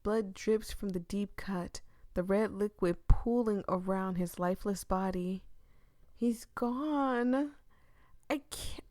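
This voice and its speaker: Expressive young woman reading a game aloud. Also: medium pitch, no room sound, studio quality. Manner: expressive, dramatic, shifts between hushed reading and loud reactions. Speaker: streamer playing a visual novel.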